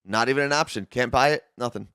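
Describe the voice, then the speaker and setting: A man from New Jersey with a New Jersey accent, co-hosting a casual chat podcast and talking in an animated way with quick asides. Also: mid-range voice, clear, resonant tone, dry recording, studio quality. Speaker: podcast co-host.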